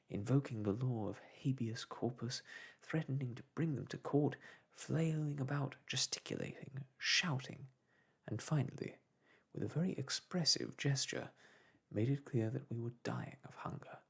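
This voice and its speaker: A man reading a classic novel aloud in a soft, hushed ASMR storytelling style. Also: mid-range voice, moderate pace. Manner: hushed, breathy and gentle.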